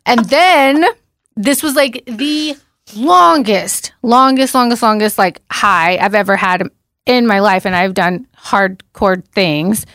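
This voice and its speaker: A woman in her forties telling a wild story on a casual podcast, animated and laughing, swearing freely. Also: mid-range voice, takes it slowly, no echo, clean studio sound. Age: 40s. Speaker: podcast co-host.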